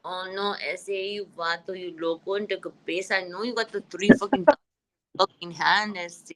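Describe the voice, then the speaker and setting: A woman's voice: medium pitch, very animated, a little slow, a bit bright, full character voice, low-quality recording. Woman putting on a swaggering street tough guy. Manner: slurred, drawling tough-guy swagger with slang.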